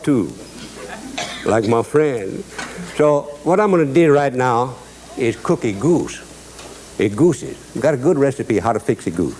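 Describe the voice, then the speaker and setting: Cajun guy cooking on a show, easy drawl, cracks jokes and laughs at em, middle pitched voice. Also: darkish tone, a little hiss or hum. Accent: Cajun Louisiana. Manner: drawling, joking, chuckles at his own jokes. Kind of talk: folksy cooking demonstration with storytelling.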